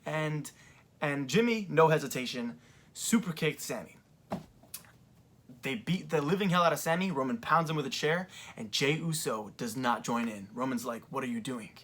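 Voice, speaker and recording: A young adult man talking through events in a casual commentary vlog, rambling with lots of fillers, seated in a creaky chair. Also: on the high side, animated, moderate pace, a bit bright, a little hiss or hum. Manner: rambling, filler-heavy retelling. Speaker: wrestling fan reviewer.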